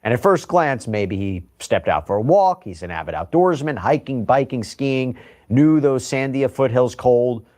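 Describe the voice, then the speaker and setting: This is a man reading a scripted true-crime narration. His pitch rises and falls in a lively way, and he adds slow, dramatic pauses. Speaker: documentary narrator.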